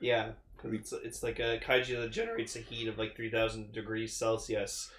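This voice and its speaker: A young man co-hosting a podcast, recapping an episode in casual chat, excitable, swearing a lot and acting out the characters' lines. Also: lowish voice, moderate pace, echoey room. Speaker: podcast co-host.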